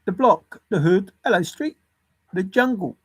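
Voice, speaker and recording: Chuckling to himself, a man rambles alone through lists of words and clues, thinking aloud as he works the puzzle. His voice sits high and is expressive and husky, a little slow, captured in a dry recording.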